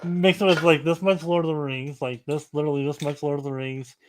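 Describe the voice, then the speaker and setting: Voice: mid-range voice, little pitch movement, brisk, a little hiss or hum. A co-host chiming in laid-back during a casual review chat.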